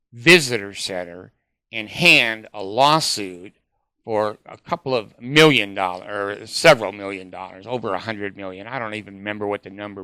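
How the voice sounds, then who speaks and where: A man's voice: on the low side, bright, forceful tone, clean tone, dry recording, studio quality. A man vlogging in a rambling, hesitant way, full of fillers and casual swearing.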